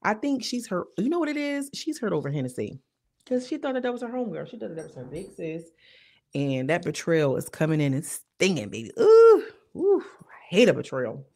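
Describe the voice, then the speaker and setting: A woman reviewing a reality TV episode in casual, slangy, animated commentary. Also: fairly low pitch, fairly quick. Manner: animated, slangy, acts out quotes.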